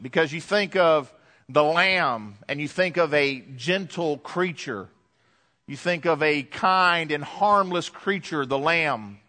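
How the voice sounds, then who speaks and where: Fervent male preacher in an echoey hall. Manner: swings between hushed lows and loud, emphatic climaxes. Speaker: pastor. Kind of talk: sermon. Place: church hall.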